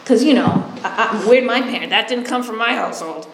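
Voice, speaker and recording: A woman's voice: on the high side, lively intonation, fairly quick, reverberant, noisy background. A woman speaking candidly about sponsoring people in recovery, blunt and a bit sarcastic, acting out both sides of conversations. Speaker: recovery sponsor and halfway house worker. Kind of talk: candid personal testimony.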